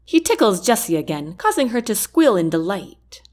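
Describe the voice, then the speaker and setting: Woman, audiobook narrator, romance, expressive, animated pitch. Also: normal speed. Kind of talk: first-person romance narration.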